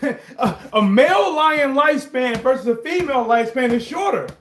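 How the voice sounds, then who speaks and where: A man's voice: very high voice, expressive, moderate pace, fairly bright tone, a little hiss or hum. A man in a casual chat about sports, talking in rambling bursts and raising his voice to drive points home. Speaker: sports commentary vlogger.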